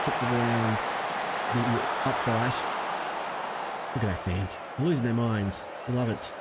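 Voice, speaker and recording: Chatty man commentating a game, noisy recording. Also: medium pitch. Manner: chatty, self-mocking, lively when cheering on his team. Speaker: video game let's-play host. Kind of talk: casual gameplay commentary. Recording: clear background noise.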